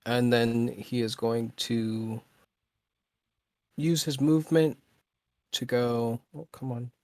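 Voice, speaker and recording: A man playing a tabletop game, describing his character's moves in a deliberate way and thinking aloud while he plans. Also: mid-range voice, level tone, darkish tone, no room sound. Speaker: player.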